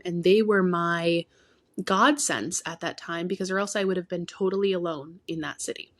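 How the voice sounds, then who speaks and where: A woman podcast co-host with a somewhat low, grounded voice tells a heartfelt personal story, full of asides. She speaks plainly as a therapist, her delivery swinging between emphatic bursts and near-whispers. The sound is dry and close, with no room around it. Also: dry recording. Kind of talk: candid podcast conversation.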